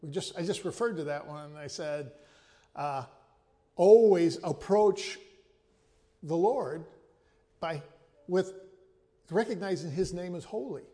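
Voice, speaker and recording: A man's voice: a little high, warm tone, big-room sound. A man preaching a sermon, teaching carefully and often restarting or repeating a word before going on. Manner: measured teaching, with frequent restarts and repeated words. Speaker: pastor.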